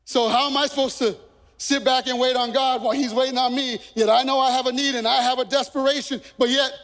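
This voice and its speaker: High-voiced impassioned man preaching. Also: fairly even intonation, fast. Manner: impassioned, building to shouted peaks. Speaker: pastor. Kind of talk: sermon. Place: church sanctuary. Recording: long reverb of a church hall, faint music.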